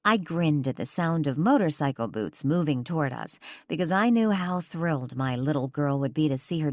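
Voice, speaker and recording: Woman, romance audiobook narration, lower voice, very lively and expressive, dry close studio sound. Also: dry recording. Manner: expressive, dramatic, sweeps high for dialogue.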